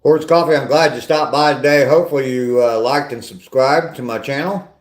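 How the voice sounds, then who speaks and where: Out on a walk, an older vlogger hosts a casual live stream, reading the chat aloud and chatting with viewers in a rambling, self-deprecating manner. His mid-range voice moves briskly, and the audio is reverberant.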